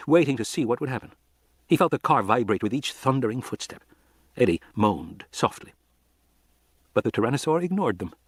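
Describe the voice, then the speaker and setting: A man narrating an audiobook in an expressive, dramatic reading style. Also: medium pitch, no echo, clean studio sound.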